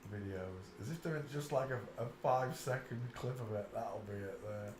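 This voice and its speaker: A man's voice: normal speed, roomy sound, background noise. A man hosting a live stream, rambling on and muttering asides to himself. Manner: breaks into high shrieking laughter.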